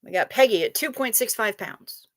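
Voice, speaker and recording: A woman hosts a casual livestream, playfully chatting with viewers, reading their messages as they arrive and swearing casually. Her voice is on the high side with lively intonation at normal speed, recorded in clean studio sound with no echo.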